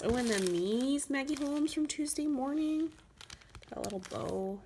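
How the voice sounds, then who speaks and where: A woman vlogging from home, unboxing craft supplies in an excited, gushing way that is full of "like" and "oh my gosh.". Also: high voice, measured pace, slight background noise. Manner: gushing, says "like" and "oh my gosh" often.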